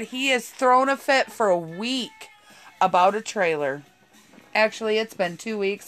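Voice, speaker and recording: A woman's voice: mid-range voice, fairly bright tone. Foul-mouthed woman telling a story. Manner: profane, rambling, laughs a lot. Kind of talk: casual storytelling chat.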